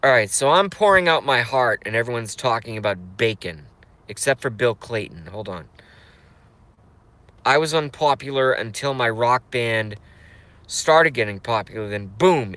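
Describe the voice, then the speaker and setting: Bright-voiced man ranting profanely from his car. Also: mid-range voice, dry recording. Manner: profane, rambling, lots of fillers and asides. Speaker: vlogger. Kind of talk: ranting monologue to viewers. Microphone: phone, then car audio system.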